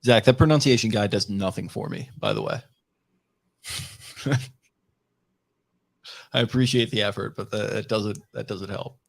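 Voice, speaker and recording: A man's voice: on the low side, sing-song, moderate pace, creaky, long pauses. A man co-hosting a podcast, trading teasing jokes in casual chat. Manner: teasing, joking banter. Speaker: podcast co-host. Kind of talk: casual draft-night chat.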